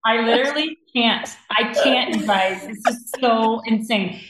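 A woman's voice: fairly high pitch, measured pace, hardly any pauses, fairly bright tone, slight background noise. A woman guest on a talk show, blunt and exasperated, repeating herself for emphasis. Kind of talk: opinionated talk show chat. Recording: roomy echo.

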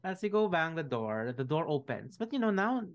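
A man's voice: on the high side, sing-song, normal speed. A man, running a tabletop game as game master, rambling with many fillers.

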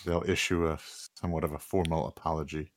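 A man's voice: rumbling low, level tone, quick pace. A man co-hosting a sports talk show with a dry, sarcastic way of talking. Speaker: podcast co-host. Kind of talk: casual sports chat.

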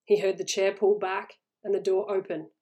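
A woman reading a horror short story aloud in a measured, suspenseful way. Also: mid-range voice, flat delivery, dark tone.

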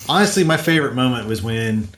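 Lively-pitched man in an echoey room. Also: quick pace. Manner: hesitant, restarts often. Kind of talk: casual chat.

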